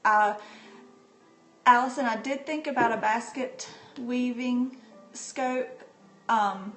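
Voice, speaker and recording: A woman speaks at an easy, unhurried pace into her phone, casually chatting with her stream viewers and breaking into laughter as she goes. The room rings a little around her voice, and soft music sits faintly in the background. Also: fairly high pitch. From North Carolina, USA. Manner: chatty and unhurried, laughs often while talking. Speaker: livestream host. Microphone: phone or tablet held by the speaker. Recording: roomy livestream phone audio.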